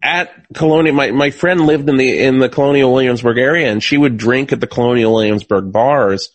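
A man's voice: medium pitch, a little fast, no echo. Dry-sounding, laid-back man chatting. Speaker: show crew member. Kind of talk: casual chat.

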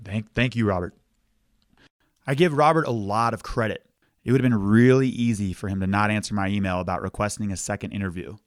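A man's voice: fairly low pitch, fairly quick, no echo, clean studio sound. A man hosting a podcast in a casual interview chat, upbeat and often addressing his guest by name. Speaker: podcast host.

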